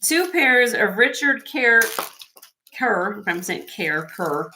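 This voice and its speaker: This live-stream host selling vintage jewelry has a fairly high, sing-song voice with a sharp tone and an unhurried pace. With her Midwestern accent she chats effusively while showing off each piece. The recording is low quality, with a little hiss or hum.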